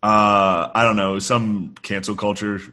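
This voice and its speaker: Low-voiced man in casual podcast banter. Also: level tone, unhurried, pushed and bright. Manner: swearing, laughing, playful impressions. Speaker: podcast co-host.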